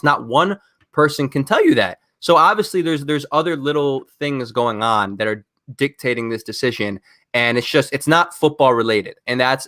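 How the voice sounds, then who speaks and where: A man co-hosting a podcast, ranting in an animated, exasperated way during casual chat. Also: mid-range voice, no echo, studio quality. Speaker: podcast co-host.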